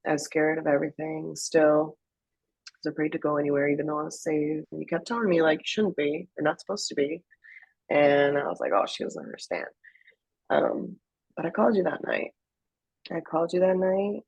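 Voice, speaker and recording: A woman telling her personal story in a conversational interview, emotional and halting, with many fillers and restarts. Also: low voice, vocal fry, a little mellow, no room sound, poor audio. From Afghanistan. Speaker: interview guest.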